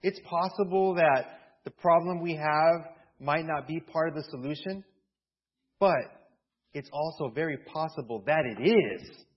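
High-voiced man preaching with animated storytelling. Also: unhurried, breathy edge. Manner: animated storytelling, playful asides. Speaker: pastor. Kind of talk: sermon. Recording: dull lo-fi recording.

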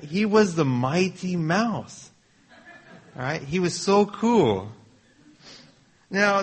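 Slow-preaching man, higher voice. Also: fairly bright tone. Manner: slow, emphatic preaching with audience questions. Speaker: pastor. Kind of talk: sermon.

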